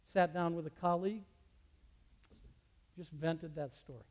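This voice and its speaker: A man, a teacher, telling a personal story as a testimony, animated and with his voice rising sharply in the retold scenes. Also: fairly high pitch, a little slow. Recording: long reverb of a large hall.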